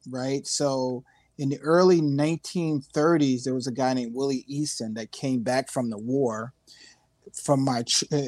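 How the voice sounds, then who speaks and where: A man from Newark, New Jersey, as a guest musician telling loose, animated stories with street slang in a casual interview. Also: mid-range voice, no room sound.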